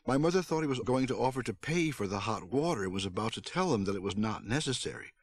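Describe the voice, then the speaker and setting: A man narrating a storybook aloud on his stream, with an expressive read-aloud delivery. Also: medium pitch, fast talker. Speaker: streamer reading a book aloud.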